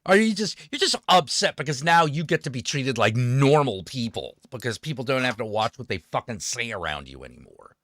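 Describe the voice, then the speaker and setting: A man's voice: mid-range voice, big pitch swings, fairly quick, few pauses, fairly bright tone, no room sound. A man hosting his own stream, ranting in a sarcastic, profane way about politics. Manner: swearing, sarcastic, fired-up. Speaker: streamer host.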